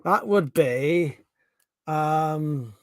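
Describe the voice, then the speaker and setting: A man's voice: on the high side, very slow, dry recording. A man with a Home Counties English accent hosting a casual live stream, reading out chat questions, thinking aloud and swearing freely.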